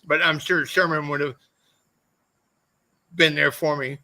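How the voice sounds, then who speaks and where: Gravelly high-voiced man telling profane stories. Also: fairly even intonation, a little slow, bright, forceful tone, low-quality recording. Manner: profane, rambling anecdotes. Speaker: podcast guest, former motorcycle racer. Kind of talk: casual storytelling interview.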